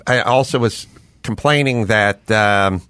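A man's voice: fairly low pitch, a little slow, sharp tone, smooth, no room sound. A man hosting a podcast in casual chat, rambling, joking and asking questions. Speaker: podcast host.

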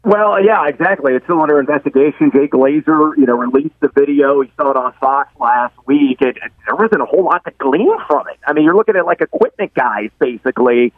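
A man's voice: on the high side, fairly quick, few pauses, dry recording. Blunt man on a tinny phone line. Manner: blunt, dismissive. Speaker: regular guest analyst. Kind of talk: casual chat.

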